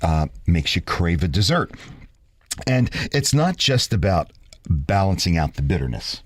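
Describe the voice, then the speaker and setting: Teasing, lively low-voiced male radio host. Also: measured pace, slightly rough, dry recording. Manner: teasing, jokey, animated storytelling. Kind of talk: casual banter on a radio show.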